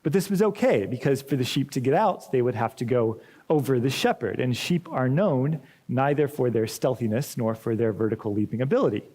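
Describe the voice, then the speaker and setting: A man preaching a sermon in a church, speaking in a measured, deliberate way with touches of dry humor. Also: medium pitch, animated, darkish tone. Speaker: pastor.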